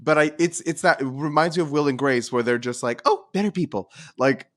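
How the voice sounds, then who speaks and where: A man's voice: mid-range voice, a little fast. A man co-hosting a podcast in casual chat, acting out bits of dialogue as he talks. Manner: animated, acts out quoted dialogue. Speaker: podcast co-host.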